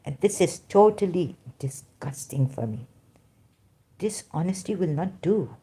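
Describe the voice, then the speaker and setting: Woman w/ an accent ranting to her viewers, slow and kinda low, rambly, stresses everything. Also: animated, warm tone, breathy edge. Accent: non-native English accent. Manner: emphatic, rambling, addresses listeners directly. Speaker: vlogger. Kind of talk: unscripted monologue to viewers.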